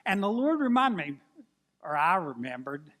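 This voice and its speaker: A man in his sixties, a pastor telling a folksy, animated story in a sermon. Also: sits high, moderate pace. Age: 60s.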